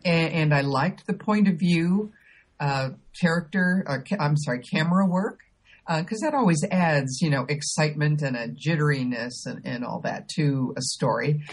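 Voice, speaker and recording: A woman co-hosting a podcast talks in a relaxed, casual way. Her voice is husky, and she fills her sentences with ums and restarts. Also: low voice, moderate pace. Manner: hesitant, many ums and restarts. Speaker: podcast co-host. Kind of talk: casual chat.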